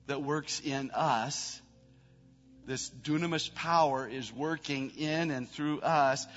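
A middle-aged male pastor preaching in a church, his fairly high voice ringing out with a long hall reverb. The sound is a bit dull and muffled, with faint music underneath. He climbs to emphatic peaks, then sinks into quiet, tender prayer. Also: slow pace. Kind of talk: sermon.

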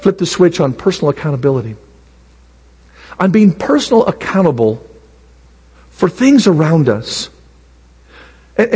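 An older man preaching a sermon, animated, swinging from low quiet asides to high excited bursts. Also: breathy edge, long reverb tail. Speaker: pastor.

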